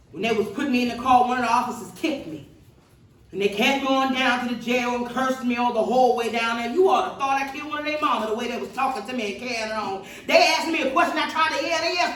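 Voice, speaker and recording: A woman's voice: on the high side, slight background noise, natural voice. An actress in a seated stage reading, playing a defiant middle-aged Southern woman activist with a Mississippi accent and an earthy, testifying cadence, heard from far off in a roomy hall.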